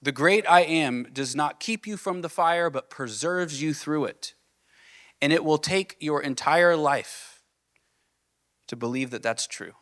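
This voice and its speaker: A man's voice: fairly high pitch, a little slow. Earnest man preaching a sermon. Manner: earnest, builds with rising questions then drops soft. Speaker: pastor.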